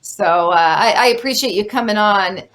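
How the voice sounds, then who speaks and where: A young woman hosting an interview show, talking in an animated, ranting way about her opinions and chatting casually with her guest. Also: medium pitch, moderate pace. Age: young adult. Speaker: podcast host.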